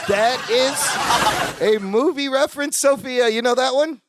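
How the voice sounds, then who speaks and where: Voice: high voice, measured pace, over a noisy crowd, very noisy. A podcast co-host recapping a sitcom episode, acting out the characters' lines and laughing along. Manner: lively, acts out the characters' lines while laughing.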